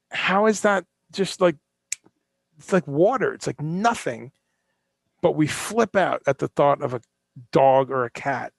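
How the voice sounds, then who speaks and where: A man's voice: fairly high pitch, vocal fry, no echo, studio quality. A man hosting a live-streamed solo talk, ranting with passion, swearing and firing off rhetorical questions. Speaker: host.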